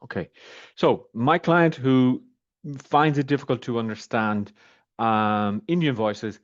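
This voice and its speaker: A man reviewing software over a screen share, talking casually and rambling with many fillers as he clicks around. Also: mid-range voice, slow pace. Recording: slightly muffled, dull audio.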